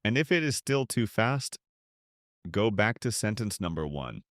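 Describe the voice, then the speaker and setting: Guy teaching slow english, low voice, really dry close sound. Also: big pitch swings, no room sound. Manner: slow, clear, with pauses for repeating. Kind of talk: slow scripted lesson for learners.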